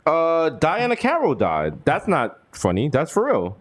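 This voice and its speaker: This is a man from the Bronx who speaks with a New York accent. His voice sits high and swings widely in pitch, and his jokes come dry and teasing. He is co-hosting a studio podcast. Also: huge pitch swings, measured pace. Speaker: podcast co-host. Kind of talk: casual comedic banter.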